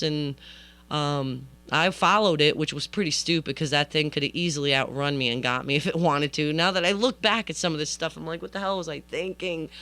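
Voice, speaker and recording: A woman hosting a podcast who tells a comic story with chatty asides to the listener and acts out the quoted lines. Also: sits low. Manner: animated, acts out quoted dialogue. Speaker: podcast host.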